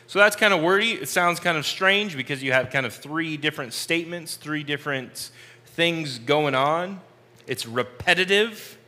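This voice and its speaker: A man teaching a Bible study, explaining verse by verse in a slow, deliberate way and repeating key phrases. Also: a little high, animated, bright, forceful tone, in a large hall.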